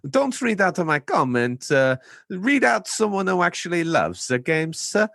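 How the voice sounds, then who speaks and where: A bouncy, excitable Italian-accented fan who tacks "sir" onto every sentence, his voice pitched high and swooping, as a man puts him on. The sound is close and dry, with no room around it. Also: measured pace, gravelly, no room sound, exaggerated voice. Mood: over-the-top. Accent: put-on Italian. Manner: sing-song, ends every sentence with "sir".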